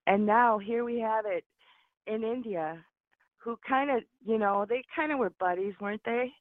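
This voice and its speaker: A woman's voice: a little high, normal speed, no room sound. A woman calling in to a radio show, chatting in a rambling, earnest way. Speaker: caller. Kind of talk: call-in radio chat. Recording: tinny phone line.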